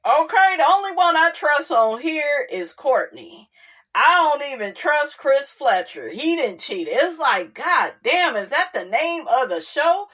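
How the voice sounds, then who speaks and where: A woman recapping a reality show in a slow, unhurried delivery. She is blunt and sassy, swears freely, and punctuates her points with "okay?" and "honey". It sounds like a casual talking-to-camera vlog. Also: sits high, a bit bright, breathy edge. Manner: emphatic asides like "okay?" and "honey".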